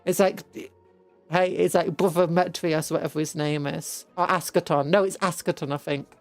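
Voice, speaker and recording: A young British woman streaming a game, rambling through an animated story retelling with casual asides. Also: on the low side, moderate pace, faint music behind. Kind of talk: casual chat while playing a game.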